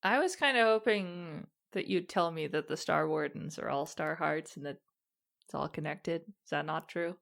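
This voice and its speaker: Speaking at a normal pace in a low, slightly bright voice with vocal fry, a woman plays a tabletop game and talks in character. Her casual delivery is hesitant and rambling, full of fillers.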